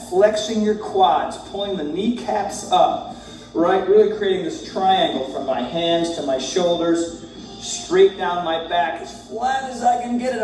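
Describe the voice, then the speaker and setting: A man guiding a yoga warm-up, cueing breaths and poses in a relaxed, joking way as he moves. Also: sits high. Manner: relaxed, joking, talks while moving through poses. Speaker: yoga instructor. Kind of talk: guided yoga class. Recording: very echoey room, distant mic, faint music.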